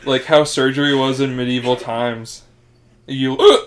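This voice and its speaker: A man's voice: mid-range voice, steady tone, a little slow. A man hosting a podcast in casual chat, rambling through explanations with restarts and swearing. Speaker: podcast host.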